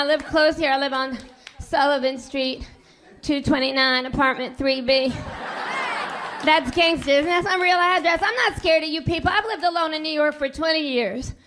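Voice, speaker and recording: Brash, very high-voiced woman comic. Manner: brash, defiant delivery. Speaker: stand-up comedian. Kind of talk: stand-up set. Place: comedy club stage. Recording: live club with loud crowd noise. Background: audience laughter.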